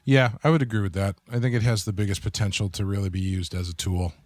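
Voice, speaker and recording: A man co-hosting a podcast in casual chat, thinking aloud with halting fillers. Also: fairly low pitch, steady tone, a little mellow, no room sound. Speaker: podcast co-host.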